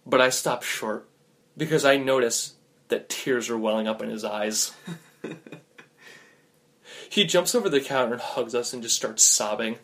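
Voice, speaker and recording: A man's voice: mid-range voice, measured pace, long pauses, fairly bright tone. A man casually telling a comic second-person story, laughing often as he narrates.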